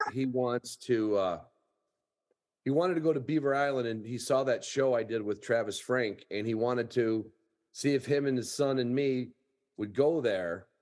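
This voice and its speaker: A man hosting a hunting podcast over a video call, chatting casually at a middle pitch. He tells stories in a rambling, folksy way, stopping and restarting as he goes. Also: a little mellow. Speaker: podcast host. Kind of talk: casual storytelling chat.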